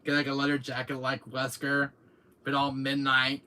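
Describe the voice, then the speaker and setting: A man hosting his own channel, chatting casually to viewers in an excitable, rambling way, often laughing and repeating himself. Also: mid-range voice, moderate pace, slight background noise. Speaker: channel host. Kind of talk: casual vlog chat to viewers. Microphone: camera mic, seated in chair.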